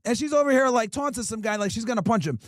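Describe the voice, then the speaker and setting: High-voiced man ranting on stream. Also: lively intonation, fast, dry recording, clean studio sound. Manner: profane, blunt, emphatic ranting. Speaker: livestream host. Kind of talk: casual streaming rant reacting to clips.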